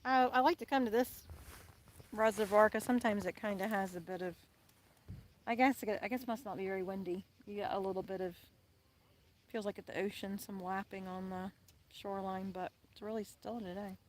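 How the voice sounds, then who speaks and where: A woman's voice: medium pitch, fairly even intonation, fairly quick, a little hiss or hum. A woman chatting playfully on a live stream outdoors by a lake, beside her husband. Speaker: co-host, host's wife. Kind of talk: casual live-stream chat.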